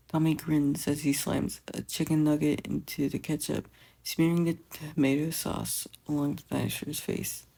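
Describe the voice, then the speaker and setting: A fan fiction reader narrating a story in a quiet, gentle storytelling manner. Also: mid-range voice, level tone, normal speed, vocal fry, husky, poor audio. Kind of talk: audiobook narration.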